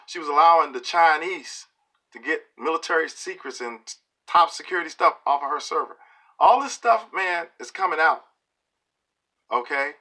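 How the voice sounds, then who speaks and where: A middle-aged man giving an opinion monologue to camera, emphatic and preachy, often pausing to ask "okay?". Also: on the high side, pushed and bright. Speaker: video blogger.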